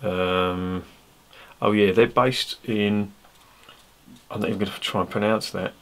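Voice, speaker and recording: A man reviews a beer in a rambling, casual way, swearing freely and making fun of himself with blunt, chatty humor. His fairly low, fairly bright voice keeps a steady tone at a slightly slow pace, recorded on his original microphone rather than a clip-on.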